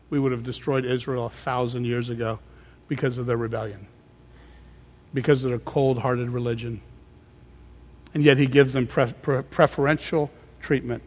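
A male pastor preaching a sermon with emphatic, repeated phrases. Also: mid-range voice. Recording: reverberant hall sound.

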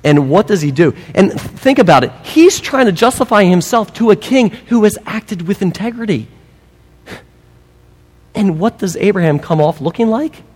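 Animated preacher man in a reverberant hall. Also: sits high, moderate pace, slightly rough. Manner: animated, emphatic, with humorous asides. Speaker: pastor. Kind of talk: sermon.

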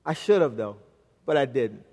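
A middle-aged man preaching a sermon as pastor, telling a family story and swinging from loud to hushed. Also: medium pitch, animated, normal speed, big-room sound.

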